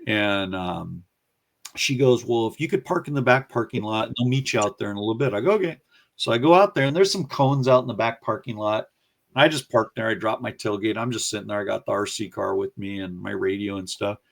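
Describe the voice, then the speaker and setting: In a casual interview about his career, a man tells a story with energy, acting out the voices of people he quotes. His voice is lowish and gravelly, and he talks briskly.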